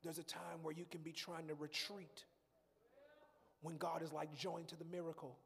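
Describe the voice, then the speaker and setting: A man preaching a sermon as pastor, building to shouts and talking straight to the congregation. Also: on the high side, little pitch movement, normal speed, vocal fry, in a large hall. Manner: preaching with rising shouts and call-and-response asides.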